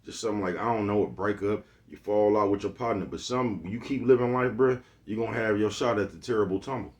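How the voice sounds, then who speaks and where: A relaxed man speaking in a low, deep voice. He talks straight to his viewers in a loose motivational monologue and keeps circling back with "you know what I'm talking about.". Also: quick pace. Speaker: vlogger.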